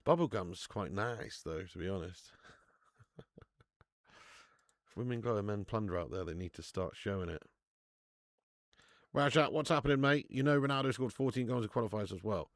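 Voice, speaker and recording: A young man hosting a live football watch-along, chatting casually, swearing freely and answering viewers' comments out loud. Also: fairly low pitch, moderate pace, long pauses, no echo, clean studio sound. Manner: excitable, swears, reads chat comments aloud. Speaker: live-stream host.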